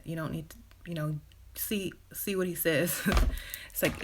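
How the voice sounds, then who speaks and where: This woman's voice sits on the low side, with fairly even intonation at a normal speed. Hosting a relationship advice live stream, she chats casually with many "you know" fillers and brief laughs, voicing quoted dialogue as other people.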